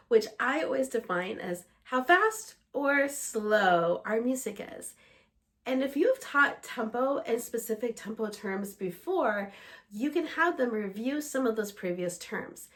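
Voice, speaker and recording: Woman, music teacher, steady explanatory delivery, fairly high voice, a little under the weather. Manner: explanatory, steady, breaks into short sung examples.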